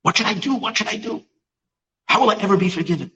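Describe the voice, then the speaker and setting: A man's voice: high voice, fast, gravelly, pushed and bright, far from the mic, voice pushed up, heavily acted. A man voicing an arrogant wealthy man in a told story, sneering at a beggar. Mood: distraught. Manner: sneering then pleading.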